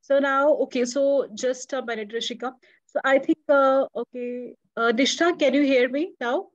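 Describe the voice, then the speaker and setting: A woman's voice: high-pitched, moderate pace. A woman teaching a reading class online, encouraging her students and checking that they can be heard. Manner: encouraging, many soft "hmm" acknowledgements. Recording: dull, lo-fi online call audio.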